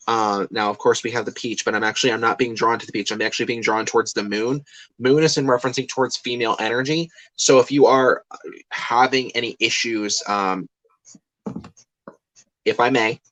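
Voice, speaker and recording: A man's voice: medium pitch, fairly bright tone, rough recording. A young man in his twenties, a psychic medium, giving a rambling live card reading full of fillers and restarts. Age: 20s.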